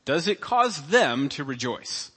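A male pastor preaches in a loose, conversational style, slipping in asides and voicing imagined people. His tone is bright and forceful. The sanctuary gives his voice a long, ringing reverb. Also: on the high side, very animated, slow pace, slightly rough. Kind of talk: sermon. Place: church sanctuary.

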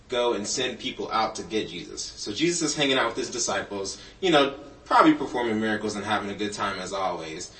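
A man's voice: fairly low pitch, a bit bright, distant mic. A man giving a children's sermon in a church, telling stories playfully with a puppet and joking along the way. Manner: jokey asides. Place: church sanctuary. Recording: roomy, from off-mic.

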